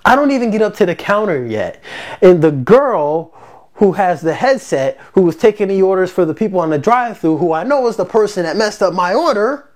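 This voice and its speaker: A parent casually telling a personal story to camera, animated and exasperated, acting out the quoted lines with big jumps in pitch. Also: fairly quick. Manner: exasperated, recounting a grievance.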